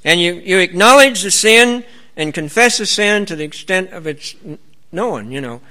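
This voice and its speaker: Male preacher, bright, fairly high voice, earnest and rambling, reads scripture aloud. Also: animated, moderate pace. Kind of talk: sermon.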